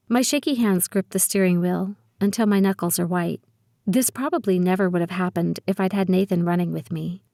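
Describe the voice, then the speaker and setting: Audiobook narrator: woman, first person, lowish voice, steady and measured, dry close read. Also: dry recording.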